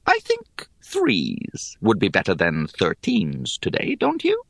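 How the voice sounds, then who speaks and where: A man's voice: fairly low pitch, huge pitch swings, slow pace, gravelly, fairly bright tone, no echo, clean studio sound, exaggerated voice. A man voicing a sly, drawling ancient hag. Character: ancient bald female hag, careless gambler.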